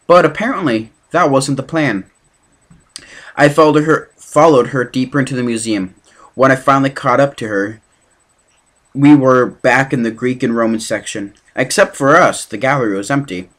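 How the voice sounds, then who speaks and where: A man reading a novel aloud as an amateur, halting now and then with slips and restarts. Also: mid-range voice, a bit bright. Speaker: reader.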